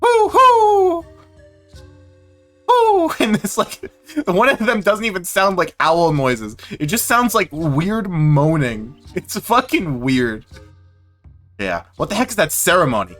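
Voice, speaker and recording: A male streamer rambles through casual gameplay commentary, self-deprecating and salty. His voice sits a little high and swings widely in pitch. Faint game music plays underneath. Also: big pitch swings, unhurried, fairly bright tone. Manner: rambling, self-deprecating, swears, laughs often.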